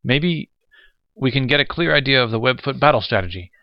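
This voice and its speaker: A man voicing an eager young lieutenant in his twenties who speaks excitedly. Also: medium pitch, fairly quick, dry recording, highs cut off, voice pushed up, lightly acted.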